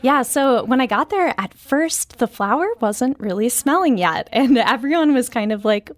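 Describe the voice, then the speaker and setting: A woman's voice: fairly high pitch, moderate pace, no room sound. Woman reporter, dry studio sound. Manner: lively storytelling with casual fillers. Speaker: radio reporter. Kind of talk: conversational studio interview. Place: radio studio.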